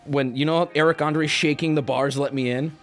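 A man streaming live, talking casually to his chat and reacting to donations, loud and excitable, often breaking into shouts. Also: fairly high pitch, moderate pace, soft background music.

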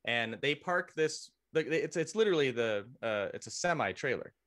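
A man's voice: medium pitch, animated, moderate pace, a bit bright. A man, a guest on a podcast interview, telling a long story casually, often restarting his sentences and joking at his own expense. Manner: rambling, with frequent restarts and self-corrections. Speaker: podcast guest, military veteran.

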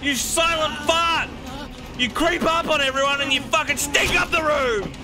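Loud, foul-mouthed male streamer with a high, animated voice; music heard behind. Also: moderate pace, a crowd in the background. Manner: loud, shouting and swearing at the game. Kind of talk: live gameplay commentary. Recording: game music playing behind.

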